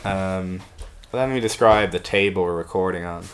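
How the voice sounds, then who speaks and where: A man's voice: deep voice, moderate pace, slight background noise. A man hosting a casual comedy podcast from a table in a friend's home, playful and giggly. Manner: playful, giggly, self-mocking. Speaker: podcast host.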